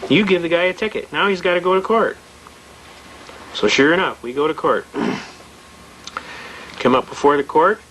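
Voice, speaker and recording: A man giving a fast, anecdotal talk, acting out dialogue from his stories. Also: on the high side, a bit bright, slight background noise, rough recording. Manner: fast-talking storyteller, acts out dialogue. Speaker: speaker on legal rights. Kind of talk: anecdotal lecture.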